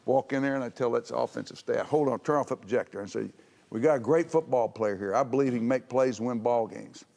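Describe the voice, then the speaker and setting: A man's voice: mid-range voice, fast, gravelly, darkish tone. An older man, a former head coach, telling folksy, boisterous stories on a reunion panel and laughing through his punchlines. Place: large event hall. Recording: echoey hall.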